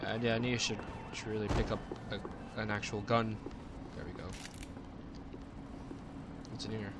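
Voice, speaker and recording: Young guy, excitable and profane let's-play commentator, gunfire loud underneath. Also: on the low side, a little slow, heavy background noise. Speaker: gameplay commentator. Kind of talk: casual gameplay commentary.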